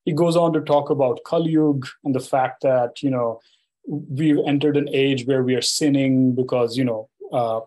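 A man's voice: medium pitch, steady tone, normal speed, dark tone, low-quality recording. A man giving a university lecture, telling a field anecdote in a loose, conversational way full of "you know" and "right?". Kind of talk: storytelling academic lecture.

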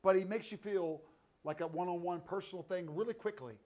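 A man hosting a talk show, enthusiastic and halting with many restarts. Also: high-pitched, a little mellow. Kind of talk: casual chat.

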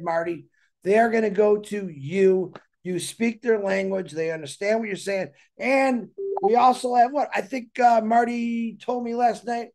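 A man's voice: very high voice, darkish tone. A man hosting an online show, talking casually and earnestly in a rambling way, often repeating himself. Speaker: show host. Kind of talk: casual talk-show monologue.

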